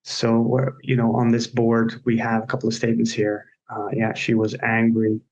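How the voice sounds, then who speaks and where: A man with a gravelly, creaky voice in a casual coaching discussion. He talks through his ideas with examples and stories from his own work. The audio is slightly muffled and dull, like a lo-fi online call. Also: mid-range voice, monotone, normal speed, darkish tone, a little hiss or hum. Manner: explains by walking through examples and anecdotes. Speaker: agile coach, podcast co-host.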